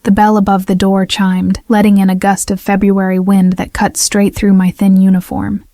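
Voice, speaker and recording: A woman narrating a dramatic first-person story in a steady, even way. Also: medium pitch, moderate pace, dry recording, studio quality.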